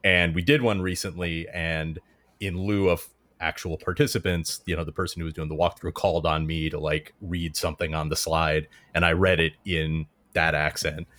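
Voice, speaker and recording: Very deep-voiced man chatting. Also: level tone, moderate pace, fairly bright tone, dry recording. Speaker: podcast co-host; manager at work. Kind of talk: casual chat.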